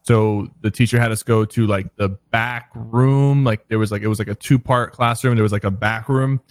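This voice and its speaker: A man's voice: lowish voice, fairly even intonation, moderate pace, no room sound. A young man telling a story in a casual podcast chat, laid-back and full of "like" and "bro".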